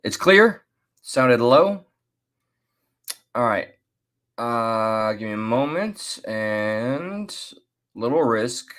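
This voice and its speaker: Male commentary host, unhurried and rambling, mid-range voice. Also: mid-range voice, sing-song, a bit bright. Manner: chatty, laughs and restarts, drawn-out asides. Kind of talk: casual reaction commentary.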